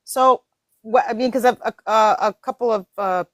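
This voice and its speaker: Lively woman host telling stories. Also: fairly high pitch, normal speed, no room sound, studio quality. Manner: animated storytelling with laughs and voiced quotes. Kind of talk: casual chat on mindset and manifesting.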